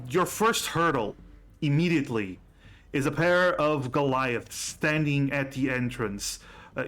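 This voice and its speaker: A man narrating as game master of a tabletop game on a livestream, relaxed with fillers and laughs. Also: medium pitch.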